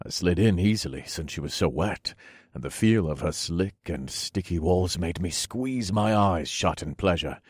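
Deep husky man narrating a story. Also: animated, dry recording, clean studio sound. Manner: slow, low and intimate delivery. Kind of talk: first-person erotic fantasy story reading.

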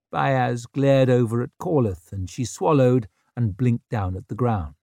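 A man narrating a novel in a measured, unhurried way. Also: mid-range voice, gravelly, a little mellow, dry recording, studio quality. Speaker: audiobook narrator. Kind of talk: scripted narration.

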